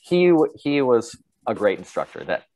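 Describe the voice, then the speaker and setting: A man's voice: medium pitch, big pitch swings, moderate pace, darkish tone. A man in an interview casually telling a story, laid-back, swearing freely and laughing at his own tale. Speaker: interview guest.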